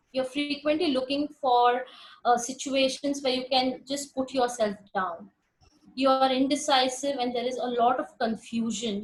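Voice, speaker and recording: Indian english woman psychologist lecturing on a webinar, kinda high voice, earnest, repeats herself a lot. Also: rough recording. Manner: earnest, emphatic, repeats words while rephrasing.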